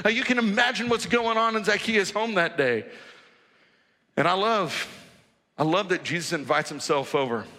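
A man preaching a sermon in a church hall, telling the story in a lively, conversational way. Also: sits high, moderate pace. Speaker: pastor. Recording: reverberant hall.

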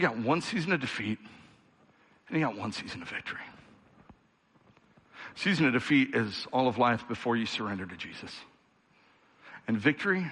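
A male pastor preaching a sermon, talking straight to his congregation and building to fervent, rhythmic peaks before easing back into a conversational tone. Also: mid-range voice. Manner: builds to fervent rhythmic crescendos, then quiets; direct, conversational address to the congregation.

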